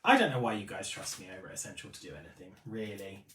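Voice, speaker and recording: A man's voice: low-pitched, very animated, fast talker, bright, forceful tone, reverberant, far from the mic, slight background noise. A man hosting a live stream for a beauty retailer, chatting casually, reading out viewer comments and often apologising. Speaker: livestream host for a beauty retailer.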